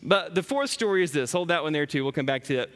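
A man in his thirties telling funny family stories in a sermon, animated and self-deprecating. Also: on the high side, fast talker, big-room sound, slight background noise. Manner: animated, self-deprecating storyteller, laughs often. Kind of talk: storytelling sermon.

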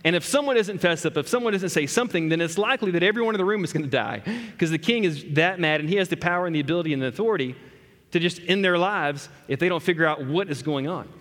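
Brief: male pastor, high voice, conversational storytelling sermon, long hall reverb. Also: fast talker, a bit bright. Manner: storytelling, talking straight to the congregation. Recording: echoey hall.

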